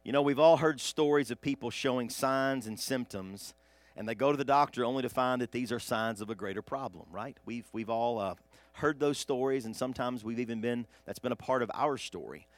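A man preaching a sermon, swinging from hushed asides to loud, emphatic bursts. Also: mid-range voice, fairly quick, dry recording. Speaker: pastor.

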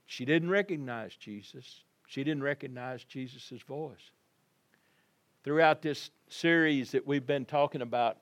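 A male pastor preaching a sermon, telling the story vividly and addressing his congregation, moving between quiet passages and loud emphasis. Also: medium pitch. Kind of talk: Easter sermon.

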